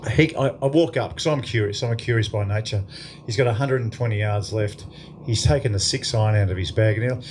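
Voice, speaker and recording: In a club function room, an Australian man in his fifties, the after-dinner guest speaker, tells a crowd a lively, profane story. His voice is medium-pitched, with slight background noise.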